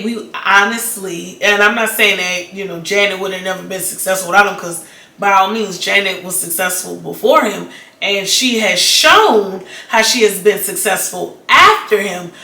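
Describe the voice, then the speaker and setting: Woman vlogger, casual rambling chat, sharp bright tone, roomy echo. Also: medium pitch. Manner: chatty, rambling, many "like"s and restarts. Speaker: vlogger reviewing a documentary.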